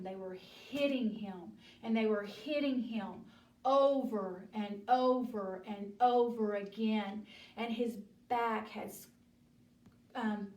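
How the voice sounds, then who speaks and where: A woman's voice: mid-range voice, darkish tone. A woman teaching a children's Bible lesson, telling the story dramatically and acting out the voices, recorded in an echoey room from some distance.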